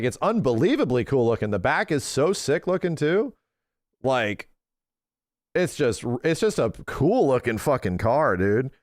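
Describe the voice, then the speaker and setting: A man streaming, chatting casually and excitedly with his viewers, swearing often and acting out his own past conversations. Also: medium pitch, no room sound, studio quality. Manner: excitable, profane, retells talks in quoted voices. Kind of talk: casual livestream chat.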